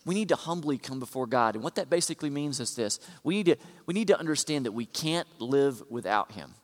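A man preaching a sermon, shifting from quiet conversational asides to loud, emphatic repetitions. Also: mid-range voice, lively intonation, a little fast. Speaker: pastor. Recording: long hall reverb.

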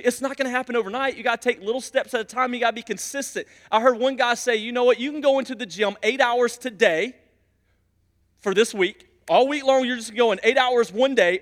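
Male pastor, high voice, animated storyteller, long church-hall reverb. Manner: animated storytelling, swinging between loud emphasis and quiet asides. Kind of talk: sermon. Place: church sanctuary.

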